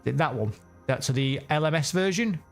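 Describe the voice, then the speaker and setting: A sim racing streamer comments live on a racing game, chatting casually, rambling and correcting himself. His voice is a little high, creaky and animated, and he talks fairly quickly over soft background music.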